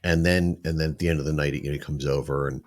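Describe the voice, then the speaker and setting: A man's voice: a bass voice, fairly even intonation, fast. A man co-hosting a podcast, telling travel stories in casual chat and laughing often. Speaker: podcast co-host.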